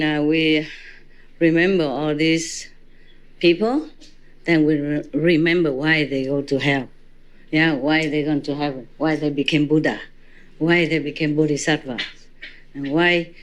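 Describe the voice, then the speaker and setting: A woman spiritual teacher giving an informal dharma talk to a gathering, chatty and teasing, laughing often. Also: low-pitched.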